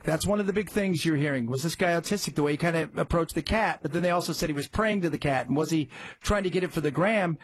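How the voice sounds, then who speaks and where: A man's voice: breathy edge, dry recording. A man hosting a talk radio show, chatting casually and rambling, his voice jumping up for emphasis. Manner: conversational, rambling, jumps up in pitch for emphasis. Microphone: studio mic.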